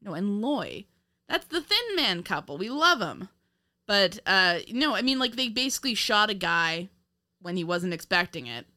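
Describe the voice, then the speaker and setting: Bright-voiced woman chatting loosely about a film. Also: mid-range voice, big pitch swings, normal speed. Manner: rambling, laughs often, many fillers and restarts. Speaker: podcast co-host. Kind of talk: casual film review chat.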